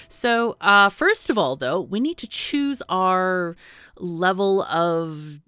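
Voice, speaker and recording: A woman's voice: on the low side, a bit bright. A woman hosting a let's play, giving chatty, bubbly commentary on a game and laughing often. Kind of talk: casual gameplay commentary.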